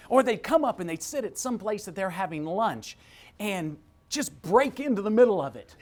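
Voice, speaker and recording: A middle-aged man spinning a story with lively swings in his pitch. He talks in an animated, excitable way, as a guest on a webcast. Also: moderate pace.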